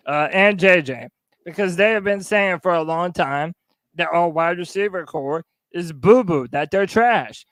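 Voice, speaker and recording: Man, high voice, blunt and emphatic, podcast co-host, dry sound. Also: a bit bright, no room sound. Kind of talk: casual sports podcast talk.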